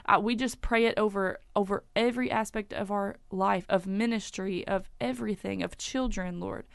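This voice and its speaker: A woman's voice: medium pitch, fairly even intonation, moderate pace, creaky, clear, resonant tone, no room sound. A woman leading a spoken prayer in a flowing, repetitive stream of petitions.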